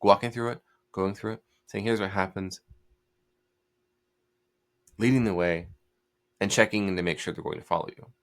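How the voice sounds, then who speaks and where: A low, gravelly male voice, delivering a commanding solo commentary. He talks bluntly and directively. His fry-laden tone gives his orders a rough edge. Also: quick pace. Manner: blunt, commanding, mocks hesitant speech with put-on hedging. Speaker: host.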